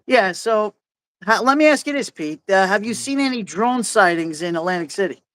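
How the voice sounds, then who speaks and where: A man's voice: high-pitched, lively intonation, moderate pace, fairly bright tone, dry recording, poor audio. A man with a Brooklyn accent hosting a casual live chat outdoors on a windy night, talking in a chatty, joking way. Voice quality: thick New York speech, chatty and jokey. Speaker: livestream host. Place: outdoors at night under an umbrella in wind.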